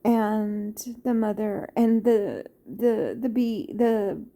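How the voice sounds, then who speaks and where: Slow, halting woman reviewing a film. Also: mid-range voice, dark tone. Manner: halting, with many fillers and restarts; tender, heartfelt. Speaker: film reviewer and former teacher.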